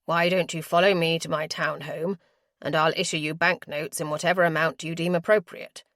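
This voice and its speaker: A woman narrator voicing a protective aristocratic gentleman with a firm, persuasive manner. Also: sits low, flat delivery, moderate pace, no room sound, clean studio sound. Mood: urgent.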